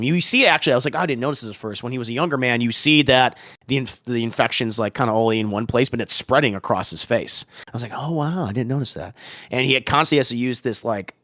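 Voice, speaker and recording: Male podcast host, animated and casual, bright tone, dry close sound. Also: mid-range voice, no echo. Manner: excitable, swears, retells scenes with many restarts. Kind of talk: casual podcast review chat.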